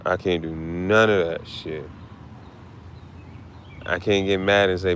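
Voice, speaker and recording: A man's voice: low voice, steady tone, takes it slowly, long pauses, fairly bright tone, slight background noise. A man talking casually and emotionally, grieving, swearing and repeating himself in slang. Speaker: streamer.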